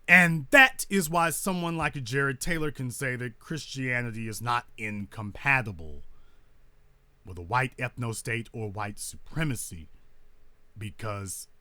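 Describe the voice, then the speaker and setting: A man's voice: mid-range voice, unhurried, sharp tone, dry recording. A man hosting a commentary monologue, repeating his points with rhetorical emphasis like a preacher and sounding indignant and scornful. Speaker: host.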